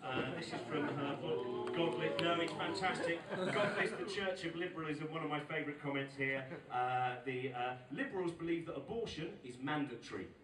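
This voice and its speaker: A man in his forties doing an animated stand-up set, exasperated storytelling with loud outbursts. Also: a little high, moderate pace, hardly any pauses, a loud crowd. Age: 40s. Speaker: stand-up comedian. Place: live venue with audience. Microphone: recorded from far off by a phone camera. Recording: echoey, distant phone recording with noise.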